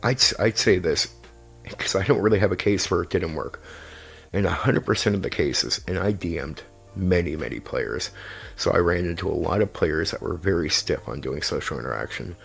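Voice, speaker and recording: A man's voice: low voice, moderate pace, creaky, a bit bright, slightly rough, faint music behind. A man, an experienced game master, giving casual advice to tabletop players in an emphatic, repetitive way, sometimes swearing.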